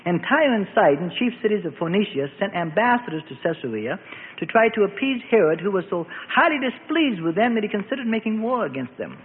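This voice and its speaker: A man's voice: high voice, big pitch swings, a little fast. A man reading a biblical story aloud as dramatic scripted narration. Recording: phone-like band with long reverb and faint noise.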